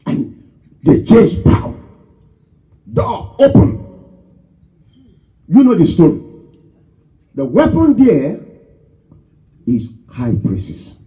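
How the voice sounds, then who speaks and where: A man preaches in a high, swooping voice that climbs into shouts and drums home each phrase again and again. The church recording sounds dull and lo-fi. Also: wildly swooping pitch, very slow, long pauses. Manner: emphatic, rising to shouts and repetition. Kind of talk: sermon. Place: church hall.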